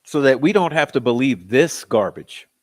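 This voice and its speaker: A man's voice: medium pitch, lively intonation, moderate pace, darkish tone. A man hosting a true-crime commentary channel, talking in a skeptical, exasperated way. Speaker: channel host.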